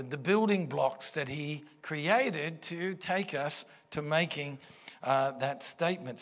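A man preaching from a church stage in an earnest, conversational manner, leaning on rhetorical questions. His voice sits fairly high for a man, and he takes his time with each phrase. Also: a bit bright. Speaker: pastor. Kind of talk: sermon. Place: church auditorium. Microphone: stage microphone.

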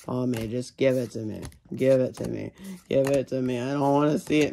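This card-opening video host talks a little fast in a mid-range, level voice with vocal fry and a dark tone, over a slight hiss or hum. Opening trading card packs, he narrates casually, rambles, cracks jokes to himself, and now and then calls himself by name in the third person.

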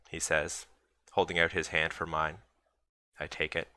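Low-voiced man reading aloud. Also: level tone, a little slow, bright, forceful tone, dry recording. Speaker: author reading his novel. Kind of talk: book reading.

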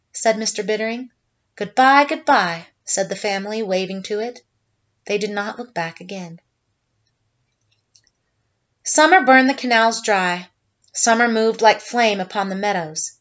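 Female teacher narrator, mid-pitched, slightly muffled recording. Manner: steady storyteller narration. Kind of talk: story reading.

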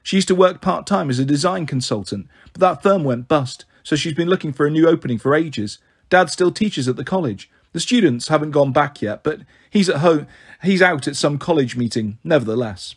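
A man's voice: on the high side, lively intonation, brisk, husky. A man reading a first-person novel aloud in a wry, sulky narrating manner. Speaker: audiobook reader.

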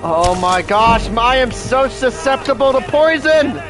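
Excitable young man playing a game. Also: very high voice, unhurried, music in the background. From United States. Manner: excitable, bursts into shouting and laughter. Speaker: gaming streamer. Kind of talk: let's play commentary.

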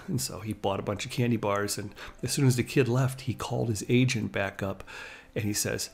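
A man with a gravelly, fry-tinged voice tells stories in a loose, chatty way. He laughs now and then as he goes. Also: fairly low pitch, fairly even intonation, fairly quick, soft background music. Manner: chatty, laughs while telling anecdotes. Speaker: host. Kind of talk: casual storytelling.

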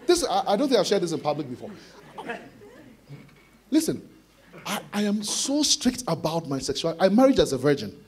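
A man preaching an expository sermon to students, animated, acting out voices with sudden shouted bursts. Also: sits high, fairly quick, long pauses, a faint crowd, a little hiss or hum. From Ghana. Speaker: conference speaker preaching to students.

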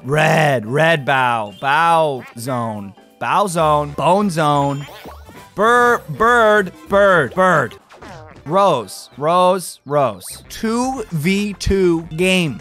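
Hyper man yelling over a party game. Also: on the high side. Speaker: gaming YouTuber. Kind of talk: excited let's-play commentary.

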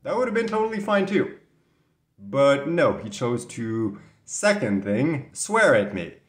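A man's voice: mid-range voice, very animated, measured pace. A man from Canada telling a story to the camera in a casual, rambling way, sometimes indignant, with an occasional cough. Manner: chatty, rambling, mildly indignant. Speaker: vlogger. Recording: echoey room sound.

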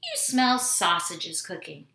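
A woman's voice: on the low side, wildly swooping pitch, slow pace, gravelly, bright, forceful tone, reverberant, pitched below the performer's own voice, exaggerated voice. A woman voicing a female castle cook who speaks urgently and scolds.

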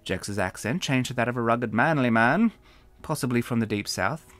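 A man narrating his own novel as an audiobook in a wry, expressive storytelling manner. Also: mid-range voice, moderate pace, no room sound. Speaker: author and narrator.

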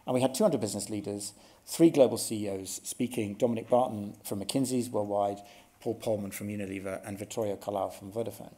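A middle-aged man presents a conference workshop in an earnest, explanatory manner, often restarting his sentences. His voice is lowish and dark, with a steady tone and a brisk pace.

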